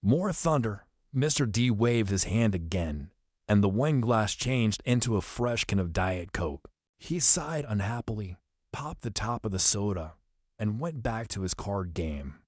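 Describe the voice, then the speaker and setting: A man narrating an audiobook in a steady, even storytelling manner. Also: on the low side, a little slow, no echo, studio quality. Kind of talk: audiobook reading.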